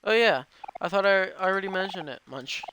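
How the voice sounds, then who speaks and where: A man's voice: sits high, expressive, normal speed. A man reading as a chatty cocky teenage boy, noisy recording. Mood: eager. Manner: reads game dialogue aloud, says munch between lines.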